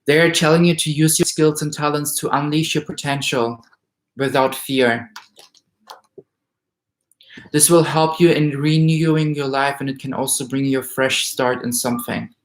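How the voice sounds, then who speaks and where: A man doing a weekly tarot reading, reading card meanings aloud and growing emotional and excited as he goes. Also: fairly high pitch, normal speed. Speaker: tarot reader. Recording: roomy echo.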